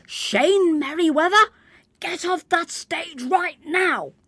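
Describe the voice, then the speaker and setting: A woman's voice: sits low, unhurried, no echo. A woman voicing an exasperated schoolteacher who calls out sharply and insistently from offstage in a dramatized story reading. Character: exasperated female schoolteacher calling from the wings.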